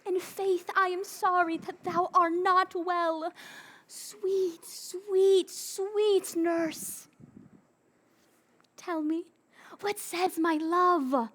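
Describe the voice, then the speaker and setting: A woman's voice: very high voice, fairly even intonation, drawn-out words, exaggerated voice. A woman playing an impatient, lovestruck young girl in an outdoor Shakespeare performance, pleading and declamatory. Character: impatient young female lover, eager, lovestruck. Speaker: stage actor.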